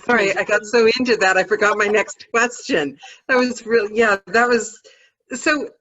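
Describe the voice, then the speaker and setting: A woman's voice: medium pitch, normal speed, fairly bright tone, dull audio. A woman hosting a podcast, asking questions in an eager, chatty way. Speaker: podcast host. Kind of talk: interview on a podcast.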